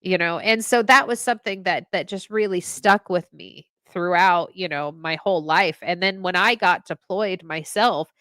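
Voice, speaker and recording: A woman in her thirties, a podcast co-host and veteran, talking in a heartfelt, halting way and reading a poem. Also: on the low side, fairly bright tone, no echo. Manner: emotional, halting with restarts.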